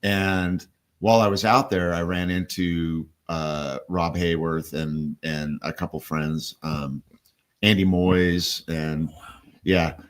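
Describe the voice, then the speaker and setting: A man's voice: low voice, steady tone, slow, clear, resonant tone. A man guest on a radio show, casually telling rambling stories about recording music and swearing offhandedly. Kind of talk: casual radio studio chat.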